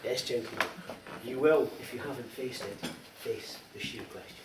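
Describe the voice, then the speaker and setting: At a medium pitch and normal speed, a middle-aged man from Scotland tells teasing, anecdotal stories in a lively after-dinner comic speech. It takes place in a large dining hall, recorded with a distant mic that catches echo and background noise.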